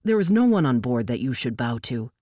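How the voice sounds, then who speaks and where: A woman's voice: extremely low pitch, very animated, brisk, warm tone, dry recording, studio quality, voice pushed down, exaggerated voice. Woman voicing a grave male elf. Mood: earnest. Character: formal, earnest male elf guard.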